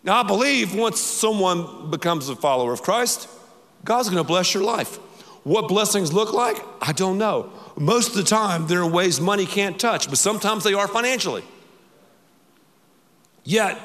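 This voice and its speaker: Male pastor, bright high voice, emphatic and repetitive, big hall reverb. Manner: emphatic, repetitive preaching, leads the congregation in call-and-response. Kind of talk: sermon.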